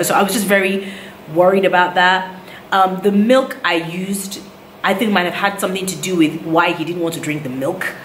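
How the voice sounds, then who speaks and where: A woman, telling a casual storytelling vlog about motherhood and acting out the lines of people she met. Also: medium pitch. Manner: animated retelling, acts out others' lines. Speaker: vlogger, new mother. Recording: roomy echo, faint background noise.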